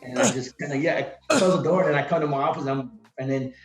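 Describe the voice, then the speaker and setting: A man's voice: fairly high pitch, rapid-fire. A man, a podcast guest, chatting casually and energetically, rambling with lots of "like" and "man". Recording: roomy, dull lo-fi sound.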